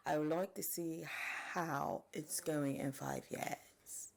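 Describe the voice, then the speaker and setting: A woman in her forties reacting on camera, chatty and animated. Her voice sits fairly low and has a gravelly, creaky edge. She keeps addressing her viewers directly. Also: takes it slowly, few pauses. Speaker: reaction commentator. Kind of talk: reaction commentary.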